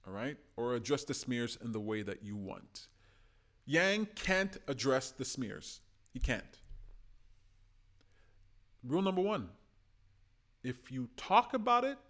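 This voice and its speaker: Impassioned man giving political commentary. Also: medium pitch. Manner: impassioned, swings from loud urging to hushed.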